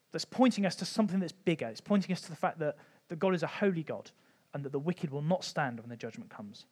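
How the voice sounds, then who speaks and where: Church teacher, male, higher-pitched, chatty and informal, lots of ums. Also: fast talker, a little mellow, breathy edge. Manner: conversational, frequent ums, light humour. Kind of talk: informal Bible teaching talk.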